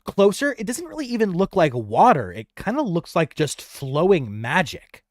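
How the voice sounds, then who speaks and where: A man's voice: high voice, sing-song, normal speed, dry recording, clean studio sound. A man narrating a tabletop game as game master, rambling casually with lots of fillers.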